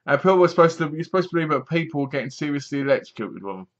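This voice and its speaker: A man's voice: fairly high pitch, lively intonation, very fast. A man casually reviewing a horror film, rambling and sarcastic, with many restarts. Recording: dull lo-fi home recording.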